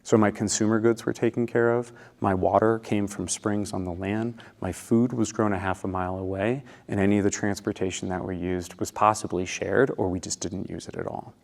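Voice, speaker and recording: Animated man speaking in a reverberant hall. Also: on the low side, brisk, vocal fry, few pauses. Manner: animated, acts out scenes and leads the crowd. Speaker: conference speaker. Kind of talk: storytelling talk to a live audience. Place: conference hall. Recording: long reverb of a large hall.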